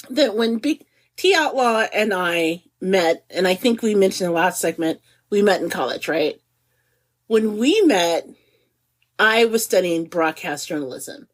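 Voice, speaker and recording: A middle-aged woman co-hosting a podcast in casual chat, animated and giggly, stretching words for emphasis. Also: mid-range voice. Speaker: podcast co-host.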